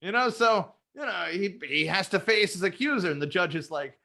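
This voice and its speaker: With a high voice at normal speed, a man hosts a podcast full of casual chat, cracking crude jokes with lively energy and plenty of laughter.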